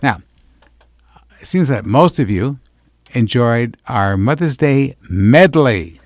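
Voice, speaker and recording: A man's voice: medium pitch, animated, slow pace, no echo, clean studio sound. A man hosting a late-night radio show, chatting effusively with listeners and repeating his contact details. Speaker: radio talk show host.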